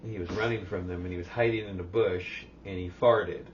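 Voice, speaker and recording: A man's voice: low voice, steady tone, a little fast. Laid-back older man, far from the mic. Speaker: podcast co-host. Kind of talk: casual chat. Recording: distant, muffled mic with faint noise.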